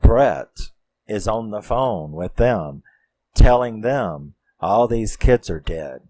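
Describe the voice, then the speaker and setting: Slow, low-voiced man recapping a film. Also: no room sound. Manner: profane, animated storytelling. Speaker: film reviewer. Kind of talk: casual movie recap.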